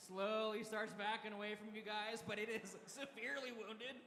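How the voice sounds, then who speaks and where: Bright-voiced game master in an echoey hall. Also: male voice, sits high, unhurried. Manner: laughs often while narrating. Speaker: dungeon master. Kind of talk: narrating a tabletop game live. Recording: echoey hall with live crowd.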